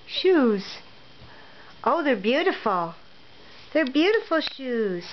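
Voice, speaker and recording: A woman talks slowly and sweetly to a small child, her fairly high voice swooping up and down as she repeats simple requests over and over. The home recording is dull and lo-fi, with faint room noise behind her. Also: sing-song. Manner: gentle sing-song coaxing, repeating short phrases. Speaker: mother. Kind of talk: casual home video, talking to a toddler.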